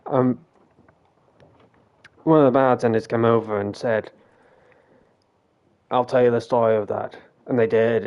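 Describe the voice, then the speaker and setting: Rambling sweary streamer, lo-fi mic. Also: male voice, mid-range voice, gravelly, darkish tone. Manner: rambling, swears freely, retells quoted dialogue. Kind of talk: casual storytelling on a game stream.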